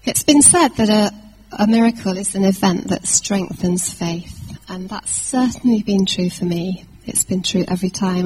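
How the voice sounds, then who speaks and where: Woman preacher telling a lively story. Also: lowish voice, a little hiss or hum, rough recording. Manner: lively anecdotal telling with fillers and restarts. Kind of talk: sermon storytelling.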